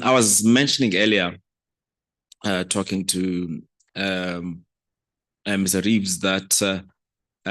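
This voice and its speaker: A man from South Africa giving a conference keynote as a regulator, speaking in a measured, hesitant way with many fillers. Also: fairly low pitch, a bit bright. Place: conference stage.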